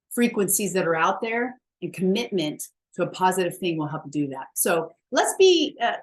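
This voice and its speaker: Woman coach talking a mile a minute, emphatic and blunt, swears a bit, laughs at herself. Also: mid-range voice. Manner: chatty, emphatic, self-mocking, freely cusses. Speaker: wellness coach. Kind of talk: motivational talk to camera.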